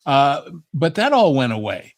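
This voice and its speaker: A man's voice: medium pitch, very animated, a little slow. A man on a panel discussion, talking in a conversational way and explaining his points through anecdotes. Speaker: panel guest.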